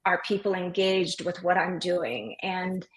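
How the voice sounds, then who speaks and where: A woman's voice: lowish voice, a little slow, low-quality recording. A middle-aged woman, an opera singer and music teacher, chatting as an interview guest and acting out what children say. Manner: animated storyteller, acts out voices of kids. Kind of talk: casual interview chat.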